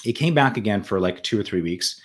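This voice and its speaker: Speaking briskly in a fairly low, expressive voice, this interview guest recounts his own story conversationally. He comes across as earnest and reflective, frequently restarting sentences and repeating words.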